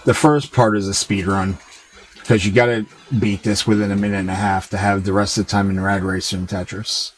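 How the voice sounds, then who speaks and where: A man with a fairly low voice rambles through a relaxed, joking chat with his stream viewers while he plays. He talks into a desk mic at home, with a faint hum of room noise behind him. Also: fairly quick, rough recording. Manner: rambling, loose and joking, reads chat aloud.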